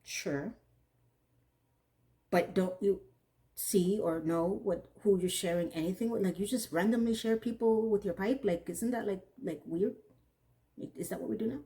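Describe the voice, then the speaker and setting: A woman giving a casual, animated TV episode recap, often acting out what she thought in an incredulous tone. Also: mid-range voice, moderate pace, pauses often. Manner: animated, incredulous, acts out characters' lines. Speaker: TV recap reviewer.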